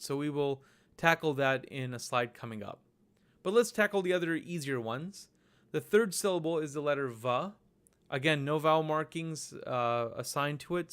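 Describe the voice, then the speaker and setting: A man narrating a recorded lesson over slides, explaining each step slowly and patiently. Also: a little high, a bit bright, clear, resonant tone. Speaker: language teacher.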